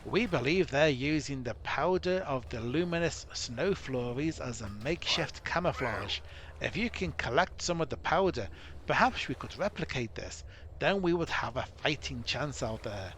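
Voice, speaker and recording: A man voicing a troubled male dwarf commander in a rough put-on accent, urgent and blunt. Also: medium pitch, expressive, moderate pace, a bit bright, slight background noise, natural voice.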